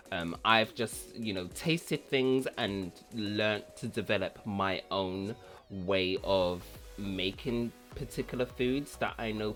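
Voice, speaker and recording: A man's voice: on the low side, fairly bright tone. A man hosting a casual cooking vlog, chatty and rambling, who repeats words for fun. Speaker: cooking channel host.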